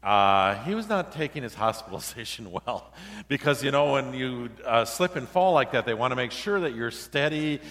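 A man's voice: mid-range voice, lively intonation, normal speed, a bit bright. Man preaching in an echoing hall. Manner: conversational storytelling preaching, acting out quoted dialogue. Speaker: pastor. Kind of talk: sermon.

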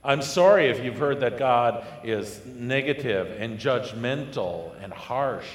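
A man preaching a sermon, telling a parable with lively storytelling and acted-out voices. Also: mid-range voice, slow. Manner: animated storytelling, acting out voices. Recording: echoey hall with long reverb.

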